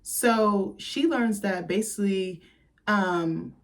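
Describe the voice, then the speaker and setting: A woman's voice: mid-range voice, slow pace. A woman host talking casually and profanely about a movie, chatty and sassy.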